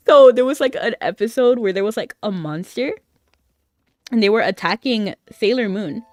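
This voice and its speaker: A woman's voice: fairly high pitch, unhurried, pauses often, a little mellow, dry recording, clean studio sound. A young adult woman chatting casually on a gaming stream, rambling along with lots of "like". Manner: chatty and rambling, with frequent filler "like". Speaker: VTuber streamer.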